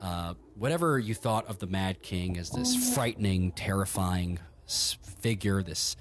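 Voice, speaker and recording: A man's voice: low-pitched, a little slow, noisy background. A man narrating as game master in a tabletop game, telling the story in a vivid, profane and jokey way.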